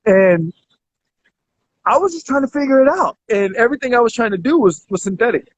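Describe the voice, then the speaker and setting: Speaking fairly quickly and expressively in a very high voice, this guest, a thirtysomething health coach, rambles through his story in a casual interview and keeps restarting. It's captured on a dull, dry lo-fi recording.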